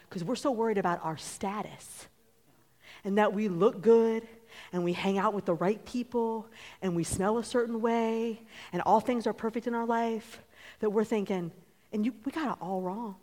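A woman preacher giving an emphatic sermon that builds to loud declarations. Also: mid-range voice, big-room sound.

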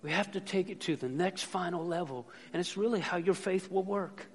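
A man's voice: high voice, a little fast. A male pastor preaching a sermon to his congregation with passion, repeating lines and calling on everyone to say them with him. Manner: impassioned, repetitive calls for the congregation to join in. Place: church sanctuary. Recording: long church reverb with faint music.

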